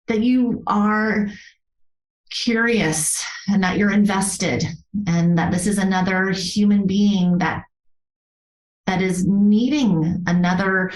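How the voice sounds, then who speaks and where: A woman's voice: mid-range voice, roomy sound, poor audio. A woman who works as a yoga therapist tells a personal story as a podcast guest. She speaks earnestly and from the heart, often restarting her sentences.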